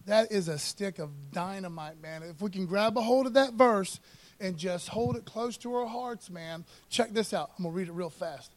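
Fervent high-voiced preacher man. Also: normal speed. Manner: fervent, casual preaching with "man" and "amen" asides. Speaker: pastor. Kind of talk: sermon.

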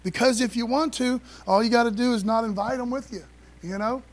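A high-voiced man preaching to his congregation in an easygoing, slangy way. He reads scripture aloud and keeps asking the room for a witness. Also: brisk. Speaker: pastor. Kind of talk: sermon.

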